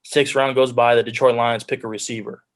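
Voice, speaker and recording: A man's voice: mid-range voice, flat delivery, fairly quick. A young man in the middle of his vocal range tells his story over a video call. He speaks with earnest, heartfelt conviction, restarting sentences and filling gaps with "like" as he works through it. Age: young adult. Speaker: guest speaker, pro football player. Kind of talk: personal storytelling on a group call.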